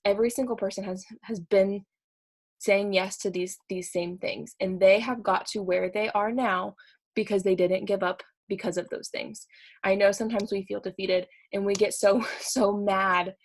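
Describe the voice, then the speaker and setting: A young woman giving a fired-up motivational talk to her sales team, repeating her points with quick laughs. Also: medium pitch. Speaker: network marketing team leader.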